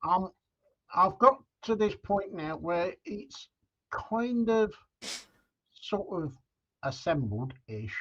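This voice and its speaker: A man's voice: high-pitched, sing-song, slow, pauses often, fairly bright tone, dull audio, a little hiss or hum. A man co-hosting a casual chat, talking in hesitant, trailing phrases. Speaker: co-host.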